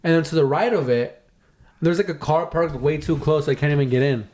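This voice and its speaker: A young man co-hosting a podcast, telling a long, animated story full of swearing and acted-out voices. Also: on the high side, a little fast. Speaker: podcast co-host. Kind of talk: casual storytelling.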